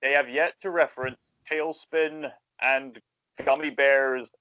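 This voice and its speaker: A Scottish man from Scotland, co-hosting a casual podcast chat in a playful, animated way. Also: mid-range voice, unhurried, clean tone, no echo, narrow, tinny audio. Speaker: podcast co-host.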